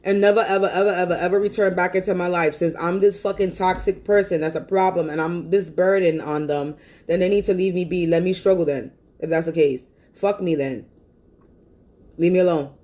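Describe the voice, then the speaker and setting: A woman's voice: lowish voice, fairly even intonation, brisk, warm tone. A woman on a phone livestream, venting angrily in a profane, repetitive rant. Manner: angry, profane and repetitive ranting.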